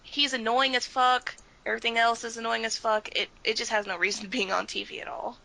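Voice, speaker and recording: Woman co-host, casual and blunt, fry-heavy voice sitting a bit high. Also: little pitch movement, fairly quick, pushed and bright, poor audio. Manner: blunt, exasperated, swears freely, laughs often. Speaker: podcast co-host. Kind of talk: casual chat.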